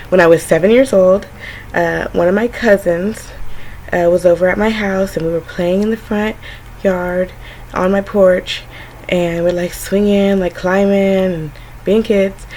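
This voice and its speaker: Chatty woman with a lowish voice. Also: darkish tone, rough recording. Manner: rambling, filler-heavy, frank and chatty; acts out her younger self and family in quotes. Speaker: vlogger. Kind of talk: casual personal storytelling to camera.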